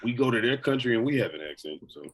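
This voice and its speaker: A man's voice: medium pitch, animated, fast talker, breathy edge. A man co-hosting a podcast in casual, rambling chat, swearing freely. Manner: rambling, profane, full of fillers. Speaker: podcast co-host.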